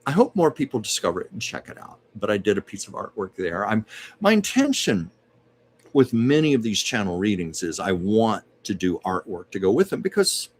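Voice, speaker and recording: A man's voice: fairly low pitch, big pitch swings, a little fast, a little hiss or hum. A man hosting a casual livestream at home, chatting and reading viewer comments aloud as a psychic medium.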